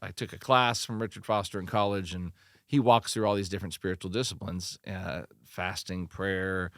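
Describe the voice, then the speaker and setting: A middle-aged man, a pastor, giving earnest, animated encouragement in a podcast interview, often restarting his sentences. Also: sits low, normal speed, no room sound, studio quality. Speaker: pastor and church leadership consultant.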